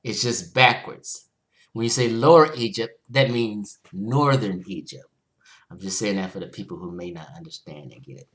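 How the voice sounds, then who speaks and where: A woman hosting her channel, commenting on clips she plays in an animated, combative way. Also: very deep voice, moderate pace. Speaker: channel host. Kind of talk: commentary over played clips.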